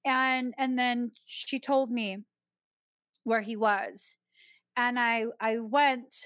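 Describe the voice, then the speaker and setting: A woman hosts a podcast, recounting a personal story in a casual, expressive way with frequent laughter. Her voice sits a little high. The recording is dry and close. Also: dry recording. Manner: chatty and expressive, laughs often while telling a story. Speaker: podcast host.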